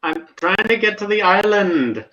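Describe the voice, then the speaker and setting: A man's voice: high-pitched, lively intonation, a little slow, sharp tone, muffled recording, voice pushed up, exaggerated voice. A man voicing a clumsy, nervous male adventurer, talking anxiously in a raised voice.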